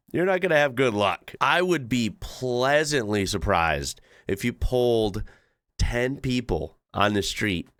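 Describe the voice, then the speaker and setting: A man's voice: on the low side, fairly bright tone, no room sound. A man hosting a casual reaction video, chuckling and making sarcastic asides. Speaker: reaction channel host.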